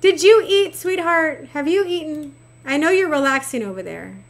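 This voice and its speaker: A middle-aged woman with a high voice chats at a moderate pace while she streams a game. Casual and lively, she speaks to her chat affectionately.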